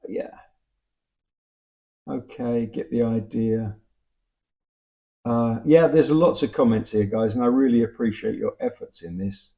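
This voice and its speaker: Older man, cockney accent, wry musing chat, mellow dark voice, muffled lo-fi sound. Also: medium pitch, measured pace, long pauses. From England. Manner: musing, wry, self-interrupting. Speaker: vlogger reading viewer comments. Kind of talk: casual chat. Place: home in Vienna.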